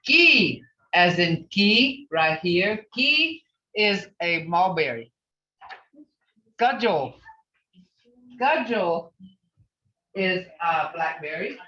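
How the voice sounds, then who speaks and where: A woman teaching a beginner language class, patiently sounding out each word slowly and repeating it. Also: fairly low pitch, very animated, sharp tone, recorded from a distance. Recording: echoey, dull lo-fi class recording.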